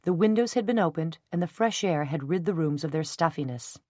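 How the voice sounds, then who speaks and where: Woman narrator, scripted audiobook reading, lowish voice, dry close sound. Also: animated, fairly quick, darkish tone, no room sound.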